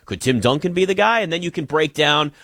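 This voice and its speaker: A man hosts a casual sports talk show, pushing his opinions with emphasis. His pitch swings widely as he talks. The sound is dry and close, with no room around it. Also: lively intonation, brisk, a bit bright, no echo.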